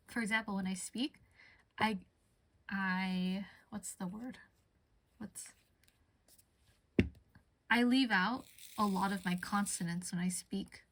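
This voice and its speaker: A young woman chats casually on a live stream and drifts from one thought to the next as she answers her viewers. Her voice sits at a middle pitch and sounds close and dry. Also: no echo. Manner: chatty, rambling, answers chat. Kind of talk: casual chat while crafting on stream.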